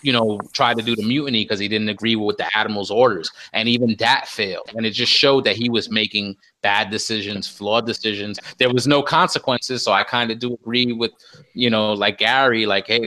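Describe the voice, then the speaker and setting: Male podcast panelist, low-ish bright tone, enthusiastic casual chat. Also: poor audio.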